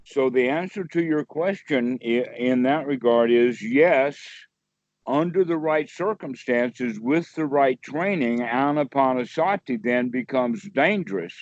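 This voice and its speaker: A man's voice: mid-range voice, animated, a little slow, dry recording. Man, meditation teacher, folksy rambling talk, dry muffled call audio. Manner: rambling, folksy, explains with examples and chuckles. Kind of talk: casual one-on-one dharma chat. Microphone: video call.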